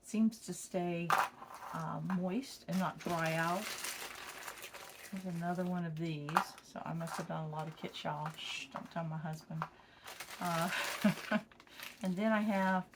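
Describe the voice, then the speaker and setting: A woman's voice: fairly low pitch, steady tone, moderate pace, very noisy. Chatty woman crafting at home. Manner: chatty, folksy, addresses viewers as y'all. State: tired, yawning. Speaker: craft vlogger. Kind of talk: casual craft tutorial chat. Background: crinkling plastic and clicks.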